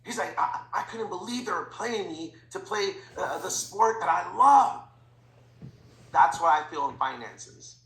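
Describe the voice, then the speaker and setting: A man talking as a guest in an interview, telling stories in an animated way and acting out the dialogue. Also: sits high, measured pace, reverberant, poor audio. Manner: animated, acts out quoted dialogue. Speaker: podcast guest, financial educator. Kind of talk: energetic storytelling interview.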